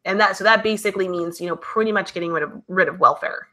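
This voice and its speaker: Bright-toned woman chatting on a livestream. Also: fairly low pitch, fast. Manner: chatty and conversational, reads comments aloud and answers them. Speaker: livestream host reading viewer chat. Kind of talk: casual live-stream chat.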